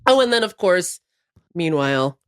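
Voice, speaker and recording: A woman's voice: on the low side, very animated, normal speed, no room sound, clean studio sound. A woman co-hosting a podcast in casual chat, rambling through asides and laughing often. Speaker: podcast co-host.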